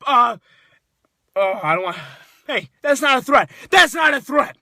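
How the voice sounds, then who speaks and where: A man delivering an angry, profane rant to camera as a sports fan, shouting often. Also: very high voice, moderate pace, no echo.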